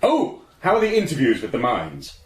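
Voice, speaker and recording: An actor playing Carlo, a bumbling, chirpy office boss who laughs nervously in a radio drama. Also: male voice, medium pitch, huge pitch swings, normal speed, reverberant. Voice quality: flustered, giggly.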